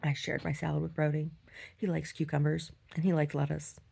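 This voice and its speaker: A woman's voice: sits low, flat delivery, fairly quick, creaky, warm tone, breathy edge. A woman artist telling a rambling, profane story in a casual vlog, full of restarts. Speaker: conceptual artist.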